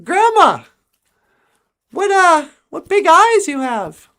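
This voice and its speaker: A woman's voice: very high-pitched, sing-song, slow, fairly bright tone, pitched above the performer's own voice, full character voice. Woman doing a wary little girl in a red hood. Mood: puzzled.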